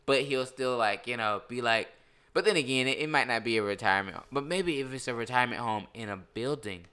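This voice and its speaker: A man in casual chat, rambling and laughing as he pitches ideas, often slipping into mock voices. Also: brisk, sharp tone, clear, resonant tone.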